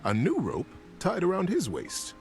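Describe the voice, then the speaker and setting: A man reading a storybook aloud as a streamer, expressive and lively. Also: high-pitched, normal speed, soft background music. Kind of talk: storybook narration.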